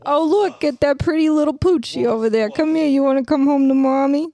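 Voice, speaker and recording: A woman's voice: sits high, brisk, warm tone, voice pushed up. Woman putting on a drawling Southern belle. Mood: cooing.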